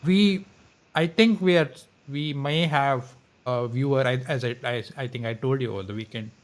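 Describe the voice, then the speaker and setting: A man co-hosting a casual live-stream chat, talking haltingly with frequent restarts and small laughs. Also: mid-range voice. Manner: hesitant, many restarts and laughs. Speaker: podcast co-host.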